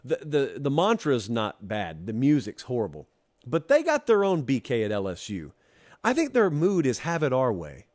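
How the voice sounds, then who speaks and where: A man's voice: mid-range voice, huge pitch swings, moderate pace, darkish tone. A man from Georgia hosting a college football talk show, giving opinionated commentary with a wry, teasing, emphatic manner as he speaks straight to the fans. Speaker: show host.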